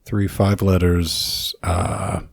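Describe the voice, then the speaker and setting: Deep raspy guy rambling and joking on a podcast, lots of restarts. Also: flat delivery, very slow, dry recording, studio quality. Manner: rambling, jokey, many restarts. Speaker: podcast co-host. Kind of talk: casual podcast chat.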